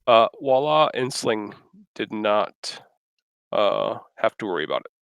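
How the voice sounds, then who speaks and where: A man's voice: fairly low pitch, sing-song, measured pace, gravelly, a bit bright, smooth, dry recording. A man running a tabletop game as game master, hesitant and full of fillers.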